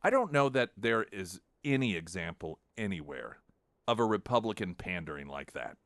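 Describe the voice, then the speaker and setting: A man's voice: low-pitched, very animated, moderate pace, a bit bright, dry recording. Talk radio guy ranting, mocking and sarcastic, lotsa restarts, dry studio mic. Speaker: radio talk show host. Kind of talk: political talk radio commentary. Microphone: studio microphone.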